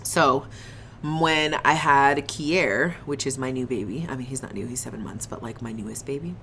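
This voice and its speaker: A young woman telling a casual storytime on her vlog, animated and slangy, swearing and laughing often, eating on camera. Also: a bass voice, normal speed, gravelly, a little hiss or hum. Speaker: vlogger.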